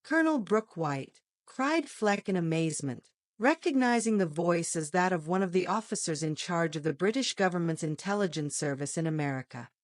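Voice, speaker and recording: A woman narrating an audiobook with a lively, expressive reading. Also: lowish voice, a little fast, few pauses, no echo, clean studio sound. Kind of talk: scripted narration.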